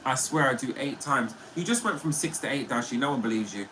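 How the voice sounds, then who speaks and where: Lively, bright-voiced man streaming. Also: medium pitch, brisk, slight background noise, rough recording. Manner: chatty and playful, often laughing. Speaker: livestream host. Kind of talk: casual livestream chat reading viewer comments.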